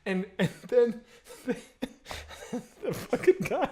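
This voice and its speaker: A man's voice: very high-pitched, big pitch swings, takes it slowly, darkish tone, a little hiss or hum. A man in his forties, a comedy show co-host, casually telling a story, laughing and swearing as he goes.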